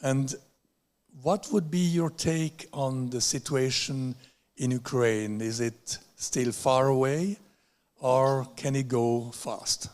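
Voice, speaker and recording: Slow, hesitant male moderator. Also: mid-range voice, a little mellow. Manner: polite, hesitant, many fillers. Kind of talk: moderating a press conference.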